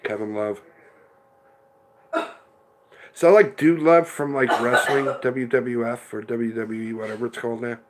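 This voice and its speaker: A man's voice: mid-range voice, fairly even intonation, measured pace, pauses often, a little hiss or hum. A middle-aged man hosting a casual livestream, chatting rambly and answering viewers by name. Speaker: livestream host reading chat.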